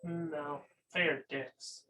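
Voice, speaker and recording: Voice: medium pitch, fairly even intonation, very slow, echoey room. A tabletop game player making blunt, joking asides. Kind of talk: casual tabletop game chat. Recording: distant with loud noise.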